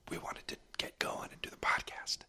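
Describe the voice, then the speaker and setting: A man's voice: brisk, bright, forceful tone. A man co-hosting a comedy podcast in a whisper, claiming to be furious. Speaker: podcast co-host.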